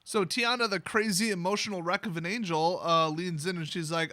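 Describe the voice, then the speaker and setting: A man's voice: high-pitched, steady tone, a little fast, few pauses, pushed and bright, no room sound. Sarcastic man mocking a fantasy story. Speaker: video host retelling a fantasy novel. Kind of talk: sarcastic comedic story retelling.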